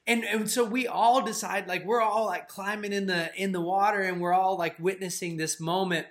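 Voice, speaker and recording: A man co-hosting a faith channel, telling a story in a casual, animated way with lots of "like" fillers. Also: high-pitched, normal speed. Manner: animated, filler-heavy retelling with "like".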